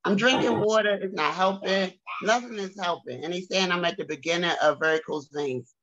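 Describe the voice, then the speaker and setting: A woman's voice: on the low side, brisk, a bit bright, lo-fi sound. A woman on a video call asking direct, chatty questions in a casual way. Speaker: caller on a group call.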